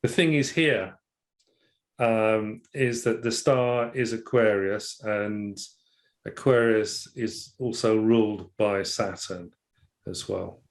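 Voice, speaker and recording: A man teaching about a tarot card in casual discussion, thinking aloud with restarts and reading verse lines out slowly. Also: on the low side.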